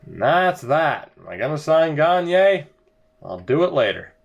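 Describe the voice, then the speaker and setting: A man's voice: fairly high pitch, big pitch swings, a little slow, gravelly. A young man giving sarcastic, exasperated commentary over a hockey video game as he plays. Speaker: gaming video creator. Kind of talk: let's-play commentary.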